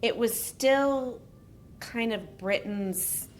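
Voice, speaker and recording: A woman's voice: on the high side, very slow, a little hiss or hum. Chatty woman telling a history story. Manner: reads a prepared story, then drifts into joking asides. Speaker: podcast co-host. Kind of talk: casual storytelling podcast.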